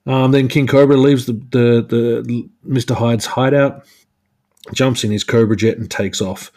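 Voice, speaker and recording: A man's voice: mid-range voice, steady tone, measured pace, a little mellow. A man hosting a solo podcast, chatting casually about a comic book with lots of fillers and restarts. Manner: rambling, many fillers and restarts. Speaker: podcast host.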